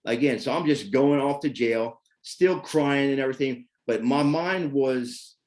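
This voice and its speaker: A man's voice: mid-range voice, a little slow, darkish tone. Man telling his story with rambling fillers. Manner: rambling, repeats fillers like "you know what I mean". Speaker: person sharing his recovery story. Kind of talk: candid personal testimony.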